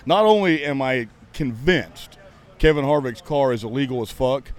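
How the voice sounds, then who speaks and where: A man's voice: fairly high pitch, a little mellow. A man, a podcast host and racing fan, ranting in a heated, sarcastic, profane way during a casual chat. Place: outdoors at a racetrack.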